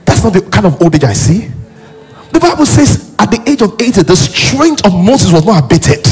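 Animated, high-voiced pastor. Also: male voice, normal speed, breathy edge, faint music behind. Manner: animated preaching, often acting out characters. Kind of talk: sermon. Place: church.

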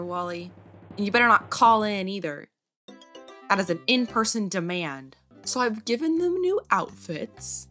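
A woman's voice: medium pitch, expressive, normal speed, fairly bright tone, soft background music. A woman playing a video game and commenting as she goes, chatting to the characters on screen. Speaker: gaming video creator.

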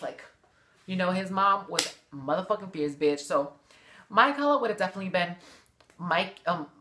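A woman's voice: lowish voice, a bit bright. A woman vlogger giving a sassy, gossipy, profane recap of a TV show in casual chat.

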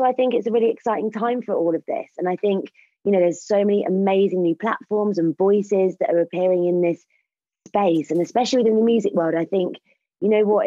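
A woman's voice: medium pitch, dark tone, no room sound. A woman DJ speaking as a podcast guest, talking fluently and enthusiastically. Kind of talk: casual panel chat. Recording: dull lo-fi audio.

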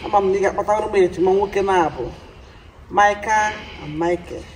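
A Nigerian woman vlogger speaking tearfully and softly to her late father, mixing Igbo and English. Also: medium pitch, brisk. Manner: soft-spoken, mixing Igbo and English, pleading. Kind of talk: emotional personal vlog, talking to her late father. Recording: distant mic with noise.

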